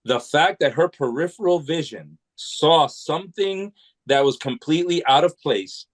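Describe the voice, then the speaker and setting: A man's voice: on the high side, normal speed, rough recording. A man from New England, a podcast guest, telling long rambling anecdotes with many restarts in a casual way. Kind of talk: casual storytelling.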